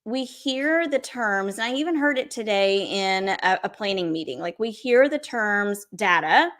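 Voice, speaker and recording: A woman's voice: medium pitch, lively intonation, a little slow, a bit bright. A woman hosting a podcast, upbeat and chatty while interviewing a guest. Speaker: podcast host.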